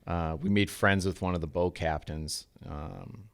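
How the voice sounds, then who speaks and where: A man with a very low, smooth and resonant voice tells a story on a podcast in a loose, animated way, swearing freely as he goes. He sounds like he is in his thirties and chatting among friends. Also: measured pace. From New England. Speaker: podcast co-host. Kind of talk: casual storytelling.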